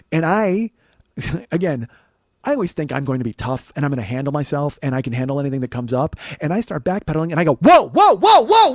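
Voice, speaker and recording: A man in his forties hosting a podcast, telling a comic story with profanity and animated, yelled-out quotes. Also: sits high, no room sound, clean studio sound. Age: 40s. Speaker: podcast host. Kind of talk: comedic storytelling monologue.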